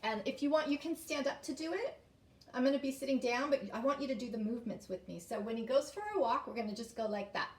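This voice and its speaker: A woman teacher speaks to young children in an exaggerated sing-song voice, stretching out chants and questions. Her voice sits on the high side. She sounds a little distant from the mic, in a room with noticeable echo. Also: fast. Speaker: kindergarten teacher. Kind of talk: online lesson for young children. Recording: echoey room, voice a bit far from mic.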